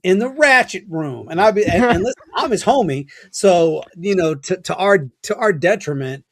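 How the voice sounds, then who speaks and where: A man co-hosting a podcast in a joking, teasing way. His voice sits a little high for a man, and the sound is close and dry with no room around it. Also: animated, normal speed, no room sound. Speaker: podcast co-host. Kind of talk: casual chat.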